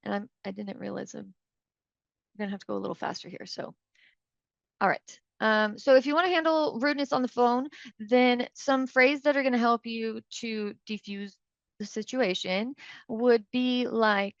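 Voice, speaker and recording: A woman's voice: medium pitch, fairly even intonation, moderate pace, gravelly, fairly bright tone, dry recording, lo-fi sound. A woman giving a live coaching talk to real estate agents in a chatty, conversational way, often checking in with her listeners and acting out short phone exchanges. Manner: acts out short phone exchanges in quoted voices.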